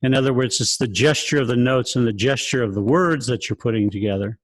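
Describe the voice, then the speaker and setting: Over a video call, with no room sound, a man directing a choir talks fairly quickly in a mid-range voice during an online rehearsal. He explains by asking rhetorical questions, singing examples, and chuckling a lot.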